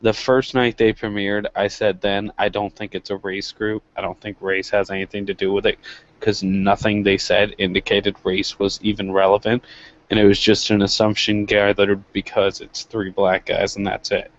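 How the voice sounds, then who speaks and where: A man's voice: on the low side, level tone, moderate pace. A man co-hosting a casual wrestling podcast, arguing his point with some swearing. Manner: argumentative, swearing. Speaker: podcast co-host. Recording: dull lo-fi audio.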